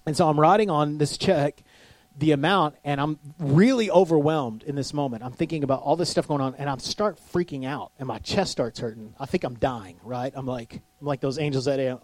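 A middle-aged preacher delivers a loose, conversational sermon, poking fun at himself and checking in with the congregation. His voice sits a little high for a man. The sound is close and dry. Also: moderate pace, a little mellow, dry recording. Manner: conversational, self-deprecating, asks the crowd for agreement. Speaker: pastor.

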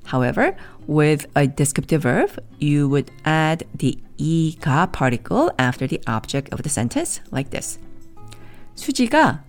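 Woman teaching with a lively, low voice. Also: soft background music. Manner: clear, measured, repeats example sentences slowly. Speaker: language teacher. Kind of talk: scripted lesson narration.

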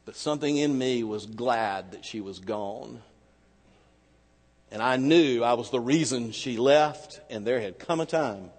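A man preaching a sermon, telling a personal story in a conversational way and slowing down hard for emphasis. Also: mid-range voice, in a large hall. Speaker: pastor.

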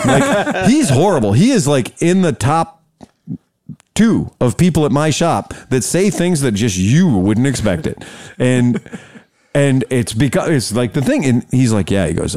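A man's voice: mid-range voice, very animated, moderate pace, warm tone. A man hosting a casual chat, telling profane stories with a lot of laughter. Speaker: podcast host.

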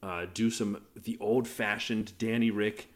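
A man's voice: fairly low pitch, level tone, a little slow. A man co-hosting a podcast, chatting casually through a race recap and jumping from moment to moment. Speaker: podcast co-host.

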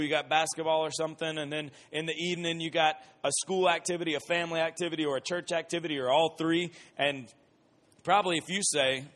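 A man's voice: fairly high pitch, fairly bright tone. A man giving a humorous, rambling youth sermon. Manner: rambling, joking storytelling. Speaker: youth speaker.

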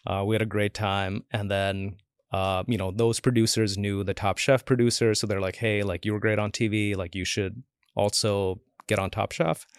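A man in his forties speaks in a low, easygoing register as a podcast guest. He tells stories casually, slips into the voices of the people he quotes and leans on "like" as filler. The recording is close and dry, with no room sound. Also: clear, resonant tone, dry recording. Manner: chatty, acts out quoted voices, many "like" fillers. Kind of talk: casual interview storytelling.

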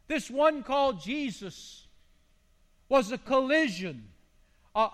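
A man's voice: sits high, a bit bright. An older man, a pastor, preaching a sermon in a folksy, storytelling way with homely illustrations. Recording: long hall reverb.

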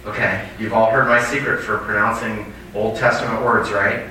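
A man's voice: fairly low pitch, flat delivery, moderate pace, pushed and bright, slight background noise. A male pastor preaching a sermon, reading scripture aloud and breaking off with asides to the congregation. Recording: distant mic in a very echoey hall.

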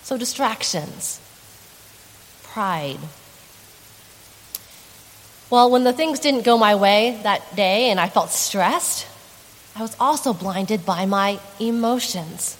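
A woman's voice: mid-range voice, measured pace, big-room sound, rough recording. A woman pastor delivering a sermon in an earnest, conversational way, adding dramatic emphasis.

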